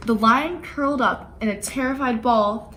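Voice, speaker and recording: A woman volunteer reading a rhyming children's picture book aloud, with expressive, playful emphasis. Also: on the high side, moderate pace, a little hiss or hum, low-quality recording.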